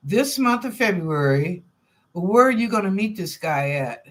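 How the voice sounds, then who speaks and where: A woman with a mid-range voice hosts a live stream of psychic readings, speaking animatedly but without hurry. She answers chat questions in a loose, informal way, thinking out loud and repeating phrases as she goes.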